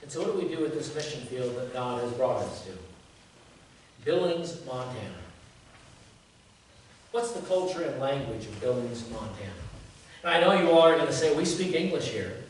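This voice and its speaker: A man's voice: medium pitch, animated, normal speed, long pauses. A man in his fifties, a pastor giving a conversational sermon, folksy and joking, often asking the congregation rhetorical questions. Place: church sanctuary. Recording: very echoey church from a distance, faint noise.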